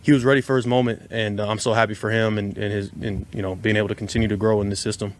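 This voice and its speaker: A professional football player answering reporters at a press conference, halting and full of fillers. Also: male voice, fairly low pitch, level tone.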